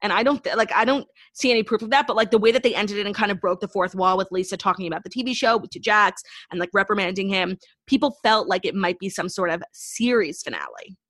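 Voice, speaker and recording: A woman's voice: medium pitch, fast talker, hardly any pauses, a bit bright. A woman co-hosting a casual pop-culture podcast, chatting with many "like"s. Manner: talkative, says "like" a lot. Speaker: podcast co-host.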